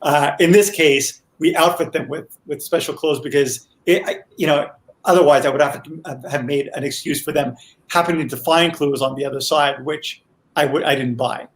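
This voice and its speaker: A man, the creator of a TV series, explaining his choices as a guest in a casual online chat, speaking thoughtfully and haltingly. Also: a little high. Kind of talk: casual video-chat commentary.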